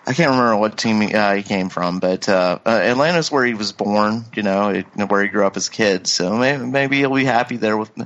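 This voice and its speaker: A man with a lowish voice talks in a casual, halting way, stumbling over restarts and fillers as he goes. The recording sounds dull and lo-fi. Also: fairly bright tone. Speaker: podcast co-host. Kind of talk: casual chat.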